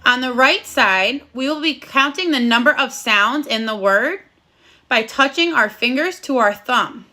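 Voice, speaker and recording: A woman teaching a recorded phonics lesson to young children, encouraging them and sounding out words slowly and clearly. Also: high voice, animated, pushed and bright. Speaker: first grade teacher.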